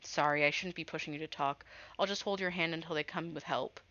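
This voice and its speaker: A woman's voice: deep voice, steady tone, fast, no room sound, dull audio. A woman voicing a tearful teenage girl. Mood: distraught. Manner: soft, apologetic, shaky. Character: tearful teen girl comforting her friend.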